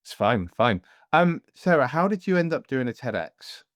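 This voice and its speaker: A podcast host from Devon, England, talks at a moderate pace in a medium pitch with big pitch swings, in a dry recording. He's close on a studio mic and wears headphones. His casual chat rambles and jokes, and he often slips into voices in his stories.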